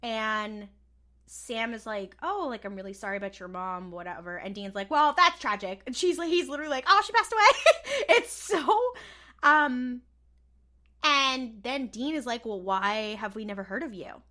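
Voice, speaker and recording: Woman podcast co-host, fairly high and bright, animated delivery, recaps scenes and mimics characters mockingly. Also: normal speed. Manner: animated, laughs often, acts out lines in flat mock voices. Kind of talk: casual chat recapping a TV episode.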